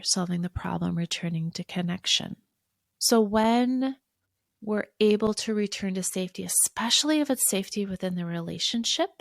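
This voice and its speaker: Woman podcast host, parenting coach, slight vocal fry, dry close sound. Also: mid-range voice, no echo. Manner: warm, coaching, acts out soothing lines to a child. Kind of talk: solo podcast teaching.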